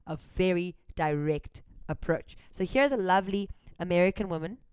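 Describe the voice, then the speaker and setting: A South African woman with a South African accent, talking through ideas in casual commentary with animated asides. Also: fairly low pitch, normal speed, smooth, dry recording. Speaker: reaction vlogger.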